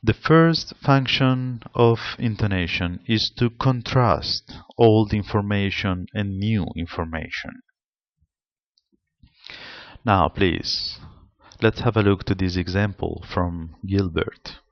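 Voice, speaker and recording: Slow, measured Spanish-accented male lecturer. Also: lowish voice, dry recording. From Spain. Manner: slow, deliberate, explanatory delivery. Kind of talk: seminar lecture on pronunciation. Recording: slightly dull lo-fi sound.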